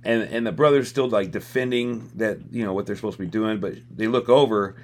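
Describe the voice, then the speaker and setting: A man's voice: on the low side, a little fast. A man co-hosting a podcast, casually recapping a movie's scenes and often checking in with "right?". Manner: relaxed storyteller, keeps tagging "right?". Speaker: podcast co-host.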